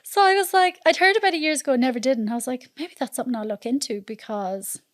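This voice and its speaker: An Irish woman from Mayo, a podcast guest telling travel stories in a lively, chatty way, often laughing. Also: high voice, fast talker, no echo, clean studio sound. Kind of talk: casual storytelling chat.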